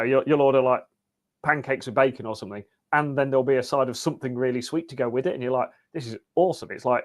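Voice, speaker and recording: Man, podcast guest, casual chat, wry dry humour, medium pitch.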